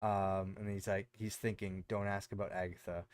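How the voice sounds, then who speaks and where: Podcast co-host, male, rambling recap style with lots of ums, smooth lowish voice. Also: flat delivery, normal speed, no echo. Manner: rambling, lots of fillers and self-corrections. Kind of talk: casual chat recapping a show.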